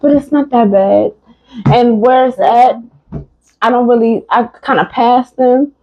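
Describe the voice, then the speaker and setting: A woman's voice: fairly high pitch, unhurried, highs cut off. A woman co-hosting a casual chat, telling a story and acting out every quote. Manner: animated storyteller, acts out quotes. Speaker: podcast co-host.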